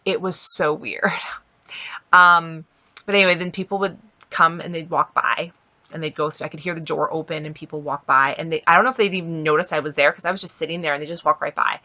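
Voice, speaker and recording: A woman's voice: low voice, fairly even intonation, fast talker, pushed and bright. A middle-aged woman from Canada, chatting casually as a vlogger and telling a story with lots of fillers and quoted asides.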